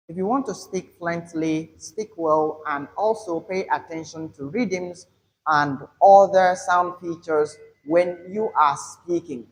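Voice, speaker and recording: A man's voice: a little high, low-quality recording. A man teaching an English lesson on word stress, stretching out example words with emphasis. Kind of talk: classroom-style video lesson.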